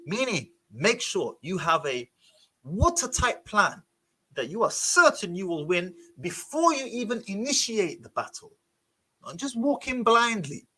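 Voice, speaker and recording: A man reading passages from a book aloud and breaking off to comment on them in an expressive, animated way. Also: sits high, unhurried, breathy edge, no echo.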